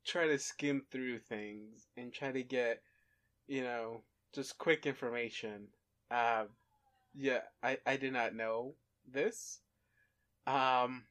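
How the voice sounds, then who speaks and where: A young man co-hosting a podcast, relaxed and hesitant, with lots of fillers. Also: mid-range voice. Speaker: podcast co-host. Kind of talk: casual chat.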